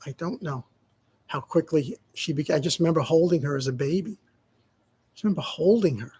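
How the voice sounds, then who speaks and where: A middle-aged man with a husky, slightly breathy voice, pitched a bit high for a man. He tells stories loosely, stopping and restarting his sentences as he goes. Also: mellow. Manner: rambling, halting with many restarts. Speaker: vlogger. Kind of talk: casual storytelling monologue.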